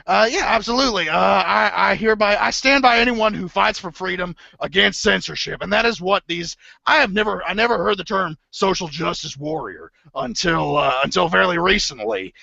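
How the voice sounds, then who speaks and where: A gravelly, forceful conspiracy radio host, put on by a man rants in circles, tripping over his words and correcting himself as he goes. His voice sits a little high and has a hard, sharp edge. The sound is dull and lo-fi, like cheap stream audio. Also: moderate pace, hardly any pauses, no echo, exaggerated voice. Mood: rambling. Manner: rambling, stammering, self-correcting rants. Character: blustering middle-aged male conspiracy radio host. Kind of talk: improvised comedy impression.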